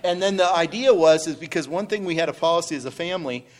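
A man's voice: fairly high pitch, fast talker. A middle-aged man telling a business story on a panel, rambling and restarting with many fillers. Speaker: business owner sharing testimony.

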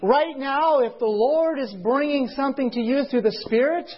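A man preaching a sermon to a congregation in a meeting. He speaks in slow, emphatic phrases, draws out key words, and keeps asking his listeners rhetorical questions. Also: very high-pitched. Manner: asks the audience rhetorical questions. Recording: dull lo-fi recording.

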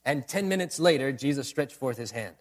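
A man's voice: mid-range voice, animated, fairly quick. A man preaching a sermon, building to emphatic bursts and repeating refrains. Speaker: pastor.

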